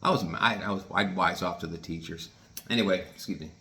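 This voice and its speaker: A man's voice: low-pitched, fairly quick, creaky, noisy background. A man in his sixties telling rambling personal stories to his viewers, folksy and digressive, swearing casually. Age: 60s. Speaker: vlogger.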